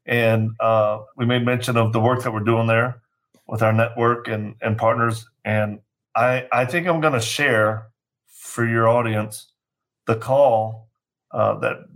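A man speaks in a gravelly voice that stays flat. He is measured and earnest, often restarting mid-sentence as a podcast guest. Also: medium pitch.

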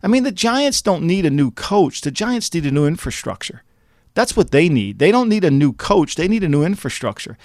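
A man co-hosting a sports podcast in casual talk, animated and rhetorical, firing off questions with laughing asides. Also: on the high side, moderate pace, no room sound, clean studio sound. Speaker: podcast co-host.

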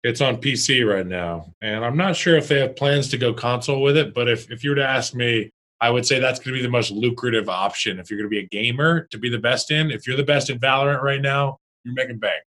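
A man's voice: medium pitch, quick pace, few pauses, a bit bright, poor audio. A young man co-hosting a podcast in casual chat, blunt and joking. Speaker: podcast co-host.

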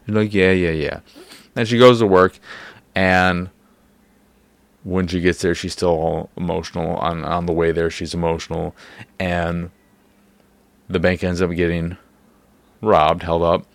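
A man's voice: low-pitched, little pitch movement, measured pace, gravelly, pauses often, dry recording. A man hosting a podcast, rambling in casual talk with lots of fillers and hedges. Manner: rambling, hedging, many fillers. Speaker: podcast host.

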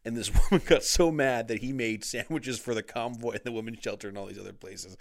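A man's voice: medium pitch, fast, creaky. A man chatting casually, telling stories with lots of swearing, acting out quotes and laughing often. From Canada. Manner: animated storyteller, acts out quotes in varied voices, laughs often, swears a lot. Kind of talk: casual chat.

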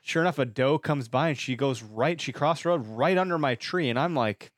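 A man's voice: mid-range voice, a little fast, no room sound, studio quality. A man from Wisconsin who hosts a hunting podcast, telling a rambling story in casual chat with jokes and mild swearing. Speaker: podcast host.

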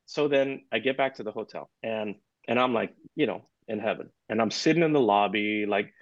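A man in a podcast interview, telling anecdotes in an animated way and acting out the dialogue in them. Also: fairly low pitch, brisk, dry recording, muffled recording. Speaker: guest percussionist.

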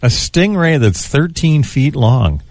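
Lively, chuckling male radio host. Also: medium pitch, slow pace, dry recording. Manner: chuckles often, stumbles over names. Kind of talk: casual news banter.

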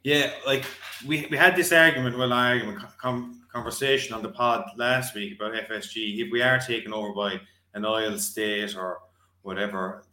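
A man's voice: lowish voice, steady tone, normal speed, pushed and bright. A man on a football podcast, speaking hesitantly with many fillers. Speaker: podcast co-host. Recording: echoey room.

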